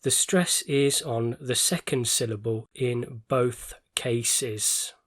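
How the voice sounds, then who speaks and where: A man teaching English vocabulary in a scripted lesson, explaining words clearly and carefully with attention to stress. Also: medium pitch, slow pace, a bit bright, no room sound.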